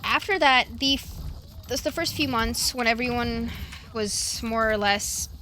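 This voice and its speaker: A woman's voice: fairly high pitch, measured pace, pushed and bright, slight background noise. A young woman streamer talking casually and emotionally about her family, with many fillers and restarts. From family from Russia and Ukraine.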